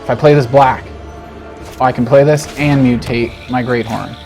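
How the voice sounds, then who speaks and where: A man's voice: medium pitch, normal speed, faint music behind. Male gamer muttering through a card game. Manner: animated, talks to himself, frustrated jokes. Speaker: game streamer. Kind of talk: gameplay commentary.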